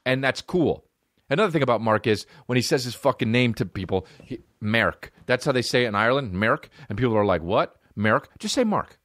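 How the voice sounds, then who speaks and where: Male comedian, thirties, mid pitch, profane and animated, dry studio mic. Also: fast, no room sound. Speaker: comedian podcast host. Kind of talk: casual comedic rant.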